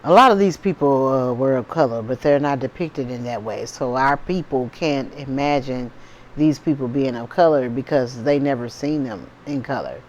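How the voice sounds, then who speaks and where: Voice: medium pitch, moderate pace, lo-fi sound. A tarot reader talking casually to viewers in a spiritual vlog, often stopping to check in with the audience. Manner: chatty, keeps checking in with "okay?" and "you know what I'm saying?".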